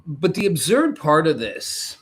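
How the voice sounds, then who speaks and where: A man's voice: a little high, big pitch swings, a little slow, slightly rough. A man hosting a show, delivering a sarcastic political commentary monologue. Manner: sarcastic, mocking, with exaggerated put-on voices. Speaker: host.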